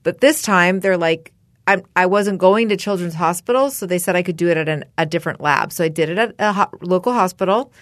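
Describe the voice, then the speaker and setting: A woman's voice: on the low side, fairly quick, no echo, studio quality. A middle-aged woman co-hosting a podcast, chatting casually and telling her own story. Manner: conversational, agreeing, storytelling. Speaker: podcast co-host. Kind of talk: casual chat.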